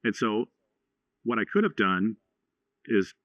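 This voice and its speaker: A man in his forties from Texas, a podcast guest telling a story in a halting way, with many restarts and fillers. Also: lowish voice, big pitch swings, dry recording. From Houston, Texas. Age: 40s. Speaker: podcast guest, franchise owner. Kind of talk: casual storytelling. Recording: slightly dull lo-fi sound.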